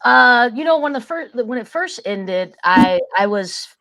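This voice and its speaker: A woman's voice: a little high, animated, measured pace, fairly bright tone. A woman guest on a podcast, talking in a laid-back, plain-spoken, folksy way. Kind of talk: casual chat.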